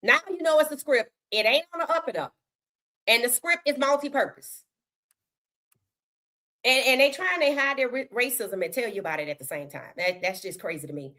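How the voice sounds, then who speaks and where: A woman hosts a sports talk livestream in a casual, outspoken way. Her voice sits a little high and comes across bright and forceful. She talks in a colloquial, opinionated manner as she greets her chat. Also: moderate pace. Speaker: podcast host.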